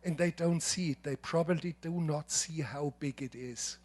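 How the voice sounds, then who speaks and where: An older man with a German accent tells stories from his working life to a lecture audience. His voice sits a little high, and he speaks in a measured, emphatic way, often restarting his sentences. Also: a little mellow, slightly rough. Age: 70s. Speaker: filmmaker giving a masterclass. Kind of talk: lecture with anecdotes. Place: lecture hall.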